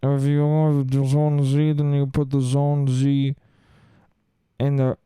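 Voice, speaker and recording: A man's voice: medium pitch, completely flat delivery, slow, dark tone, clean tone, no room sound, natural voice. A man voicing a mumbling female airport gate announcer who rambles and trips over her own words. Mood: muddled.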